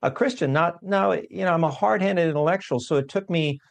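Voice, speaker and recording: A man, a guest scientist, tells his life story in an animated, self-deprecating, emphatic way. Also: a little high, brisk, gravelly. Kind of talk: conversational storytelling.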